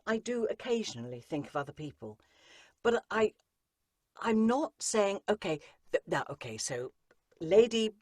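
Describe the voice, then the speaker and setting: A woman's voice: low voice, dry recording, studio quality. A woman, an audiobook narrator and coach, explaining her craft in an interview and driving points home through repetition. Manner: emphatic, repeats phrases for effect. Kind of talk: interview conversation.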